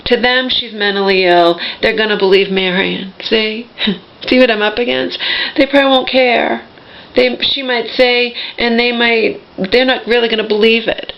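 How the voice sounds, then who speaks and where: A woman's voice: on the high side, fairly even intonation, normal speed, gravelly, muffled recording. A woman venting in an emotional personal monologue, agitated and restarting her sentences often. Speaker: vlogger.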